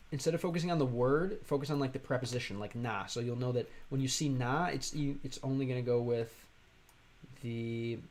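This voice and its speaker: An American man from Chicago chatting casually on a livestream, rambling and halting, with many fillers and restarts. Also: mid-range voice, darkish tone. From Chicago, USA. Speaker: streamer and language learner.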